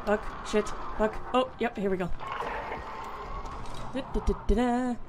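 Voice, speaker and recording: A woman's voice: fairly high pitch, steady tone, unhurried, background noise. A woman commenting as she plays a horror game, swearing a lot and sounding jumpy and exasperated. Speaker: gaming video creator. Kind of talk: let's play commentary.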